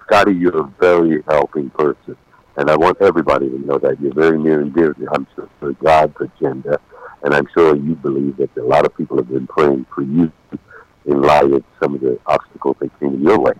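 A man in his sixties speaks by phone, his voice extremely low and golden. His speech is halting, full of pauses and fillers. The sound is very dry and close. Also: steady tone, dry recording, poor audio. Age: 60s. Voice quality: deep golden voice. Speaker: guest on a radio show. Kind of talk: casual interview over the phone.

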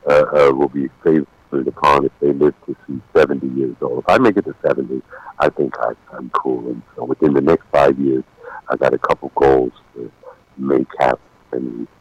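A man in his sixties speaks by phone, his voice extremely low and golden. His speech is halting, full of pauses and fillers. The sound is very dry and close. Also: fairly even intonation, slightly rough, no echo, muffled recording. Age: 60s. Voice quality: deep golden voice. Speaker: guest on a radio show. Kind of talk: casual interview over the phone.

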